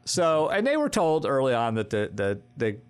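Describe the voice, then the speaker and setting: A middle-aged man on a podcast, animated as he tells stories about running a tabletop game and slips into quick character voices. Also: medium pitch, clean tone. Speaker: podcast co-host and game master. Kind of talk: casual podcast chat.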